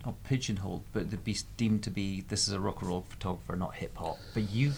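A man hosts an interview with a low, gravelly voice. He shapes his questions carefully, sometimes restarting mid-thought as he searches for the words. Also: fast talker, darkish tone.

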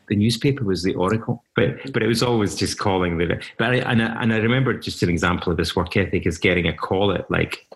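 Deep-voiced Scottish man telling stories. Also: fairly bright tone, low-quality recording. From Scotland. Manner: rambling, with many restarts. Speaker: journalist guest. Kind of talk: casual storytelling in conversation.

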